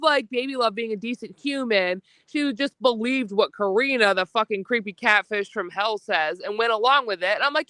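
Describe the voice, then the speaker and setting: Combative female streamer, nasal, higher voice, dry close sound, swears freely. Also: fairly quick, few pauses, sharp tone, no room sound. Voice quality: slightly nasal. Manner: profane, confrontational, mocks others in put-on voices. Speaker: livestream co-host. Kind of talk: combative livestream rant. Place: lying down at home.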